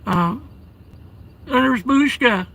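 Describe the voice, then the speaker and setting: A man chats live from his vehicle, his voice high and bright. He reads viewers' comments aloud and calls them darling and brother. His talk is halting, full of restarts and soft fillers. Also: animated, vocal fry, low-quality recording. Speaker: live streamer reading chat. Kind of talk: casual live stream chat. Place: inside a parked vehicle at home during a blizzard.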